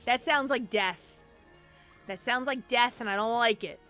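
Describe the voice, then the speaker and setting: A woman's voice: on the high side, a little slow, pushed and bright. A woman streamer chatting casually and exclaiming often as she plays an online game, with faint game music behind. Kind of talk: casual gameplay commentary.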